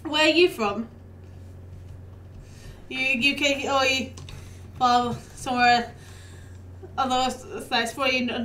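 A woman's voice: fairly high pitch, a bit bright, far from the mic, a little hiss or hum. A young woman streaming a game live, chatting casually with her viewers, laughing easily and talking back to the game. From United Kingdom. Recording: echoey room, voice off-mic.

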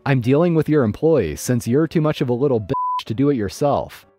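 A man's voice: medium pitch, expressive, fairly quick, a little mellow, soft background music, natural voice. A man voicing a rude, entitled woman shopper who snaps orders. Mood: snapping. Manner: snapping, scornful.

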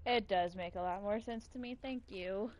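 A woman's voice: medium pitch, normal speed, a little mellow. A woman live-streaming a horror game, talking casually in a sleepy, laid-back way. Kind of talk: casual live gaming chat. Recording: stream with game music behind.

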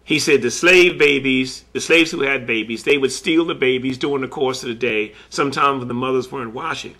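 Collector guy telling a story, quotes every back and forth, kinda tense bright tone. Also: medium pitch. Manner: slow, earnest retelling with many quoted exchanges. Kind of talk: recorded personal storytelling.

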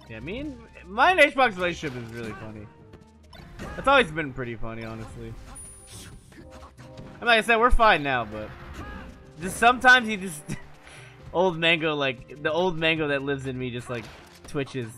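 A man's voice: a little high, moderate pace, pauses often, soft background music. A man chatting casually with his stream chat, cursing freely and laughing often. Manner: animated, profane, laughs often. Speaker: gaming streamer.

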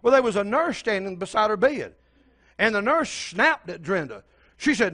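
A man's voice: high-pitched, sing-song, moderate pace, fairly bright tone. An older man preaching a sermon as pastor, telling a story and speaking straight to the congregation.

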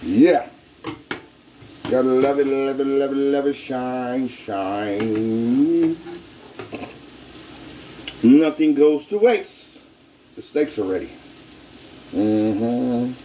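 A man's voice: mid-range voice, extremely slow, long pauses, mellow, a little hiss or hum. A man hosting his own home cooking video, hyped up and talking straight to his viewers in a casual way from his kitchen.

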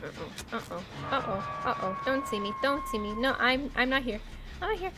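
A woman's voice: on the high side, normal speed. A young woman streaming a horror game, giggling and easily spooked as she comments on her play.

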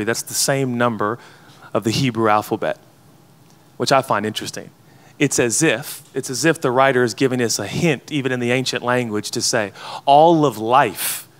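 A man in his thirties, a pastor preaching a sermon at a conference in a conversational, playful way, often asking the audience questions. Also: medium pitch. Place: conference hall before a live audience.

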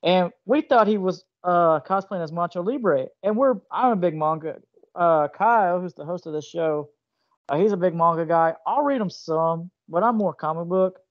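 High-voiced man, podcast co-host, animated slangy storytelling, dull lo-fi sound. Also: normal speed, no room sound. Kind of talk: casual interview chat.

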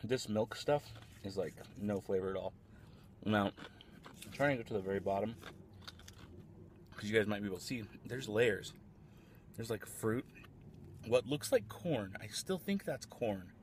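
A man's voice: lowish voice, animated, normal speed, long pauses, a little hiss or hum. Chatty man vlogging a food tasting. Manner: chatty, rambling, eating while talking. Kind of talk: casual food-tasting vlog. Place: fast food restaurant.

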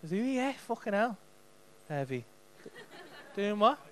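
A Liverpool-accented stand-up comedian in his thirties works the crowd on a club stage with cheeky, sweary banter. His voice is high-pitched, sing-song and fairly bright, and he takes his time.

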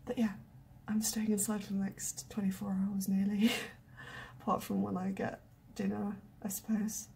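A young woman chatting casually in a vlog, often dropping into a hushed whisper and joking at her own expense. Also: medium pitch, monotone, moderate pace, gravelly, slight background noise. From United Kingdom. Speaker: vlogger. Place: indoors in a small warm room, then outdoors in snow and wind. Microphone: handheld camera mic.

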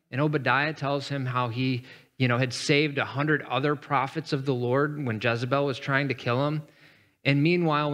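A man's voice: mid-range voice, a bit bright. A male pastor delivering a conversational sermon, reading scripture with dramatic emphasis and speaking casually between readings.

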